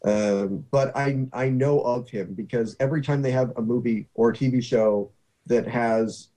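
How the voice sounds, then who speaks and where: A man hosting a casual talk show, rambling and halting with many restarts. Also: mid-range voice, dark tone. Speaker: podcast host. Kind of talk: casual chat.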